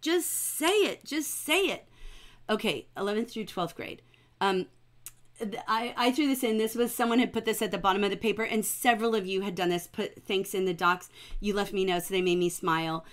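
Encouraging teacher with a slightly low voice. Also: female voice. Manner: warm, encouraging, enthusiastic. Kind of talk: livestreamed writing class.

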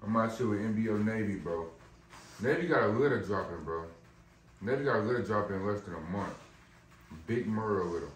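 A man's voice: lowish voice, animated, brisk, roomy sound, distant mic, slight background noise. A man talking casually in a vlog, loose and slangy, coaxing and praising his big dog at home. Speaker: dog breeder vlogger.

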